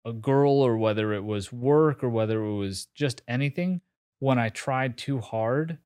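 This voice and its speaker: A man in his forties tells a story as a podcast guest, candid and self-mocking, with casual swearing and plenty of fillers. His voice sits at an ordinary middle pitch. The sound is dry and close, with no room around it. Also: a little slow, darkish tone, smooth, dry recording. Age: 40s. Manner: candid, swears freely, laughs at himself, many fillers and restarts. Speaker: interview guest.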